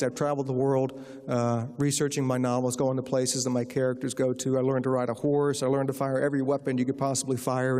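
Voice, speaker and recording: A man's voice: mid-range voice, mellow. A man from Virginia giving a humorous public lecture, telling anecdotes in a wry storytelling manner. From Richmond, Virginia, USA. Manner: wry storyteller, acts out punchlines. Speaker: author giving a guest lecture. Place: large lecture hall. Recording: lecture hall with long reverb.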